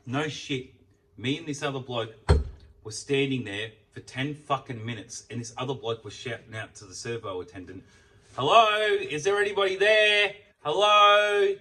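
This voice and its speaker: A young man telling an animated, foul-mouthed story as a casual vlog while he eats. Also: mid-range voice, normal speed, recorded from a distance. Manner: heavy swearing, animated storytelling. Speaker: food vlogger. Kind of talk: casual ranting while eating. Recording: voice off from the mic.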